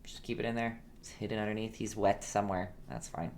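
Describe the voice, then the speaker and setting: A woman's voice: rumbling low, fairly even intonation, a little fast, a little mellow. A woman hosting a casual live-stream painting lesson, chatty and playful, laughing often and talking back to her viewers.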